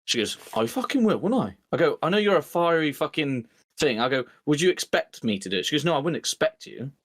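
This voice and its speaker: A man co-hosting a podcast, telling an animated story and acting out both sides of an argument with his partner. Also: a little high, quick pace. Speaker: podcast co-host. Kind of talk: casual chat.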